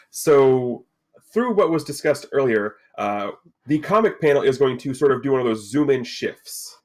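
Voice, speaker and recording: A man running a tabletop game as game master, reading out scene descriptions in a measured storytelling voice. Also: mid-range voice.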